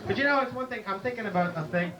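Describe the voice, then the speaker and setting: A man doing a rambling stand-up set in a comedy club, slipping into high-pitched voices for his characters. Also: very fast, recorded from a distance, highs cut off, over a noisy crowd. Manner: rambling joke-telling with high-pitched impressions. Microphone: handheld stage mic, drifting off it.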